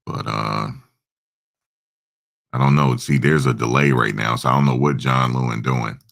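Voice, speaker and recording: A man's voice: rumbling low, steady tone, normal speed, creaky, fairly bright tone. A man hosting a casual live stream, rambling and answering viewers' comments. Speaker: livestream host.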